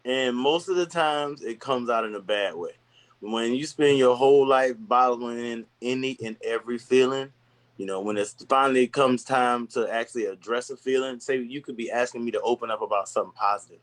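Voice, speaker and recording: A young man in casual podcast talk, speaking at an everyday middle pitch. He tells stories frankly, with stumbles and restarts as he works through his thoughts. Loose and unscripted. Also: brisk. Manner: candid, storytelling, acts out voices in anecdotes. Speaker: podcast guest. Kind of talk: casual conversation.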